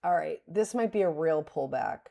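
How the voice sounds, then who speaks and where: This middle-aged woman's low, creaky, mellow voice is animated and moderately paced. She livestreams her day trading, thinking out loud, chiding herself for errors and bursting into laughter.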